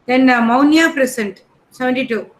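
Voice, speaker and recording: Woman teacher, English, high voice, brisk roll call, matter-of-fact. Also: poor audio. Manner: reads names one by one in a brisk, matter-of-fact way. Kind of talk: taking roll call in an online class.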